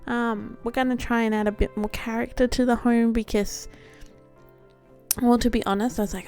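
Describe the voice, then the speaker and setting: A woman's voice: fairly high pitch, flat delivery, normal speed, a little mellow. A woman hosting a let's play, giving chatty, giggly commentary on her game. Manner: chatty, giggly, self-deprecating. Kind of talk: casual gameplay commentary. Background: faint background music.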